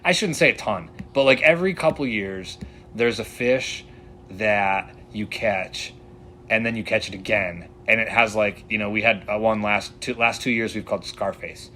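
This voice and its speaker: A man's voice: lowish voice, normal speed, pushed and bright, slight background noise. A man who guides fly fishing, telling stories casually in a podcast interview, rambling with many fillers.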